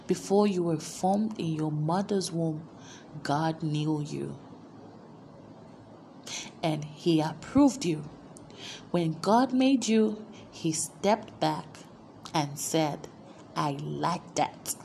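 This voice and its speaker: A woman preaching a sermon and leading spoken declarations in a slow, measured, emphatic way. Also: sits low, mellow, slight background noise.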